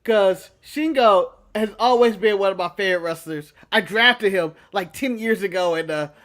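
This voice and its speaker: A high-pitched man co-hosting a loose wrestling chat show. He talks in an animated, joking way and laughs a lot. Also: normal speed. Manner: animated, jokey, breaks into laughter and mock voices. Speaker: podcast co-host. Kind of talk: casual wrestling recap chat.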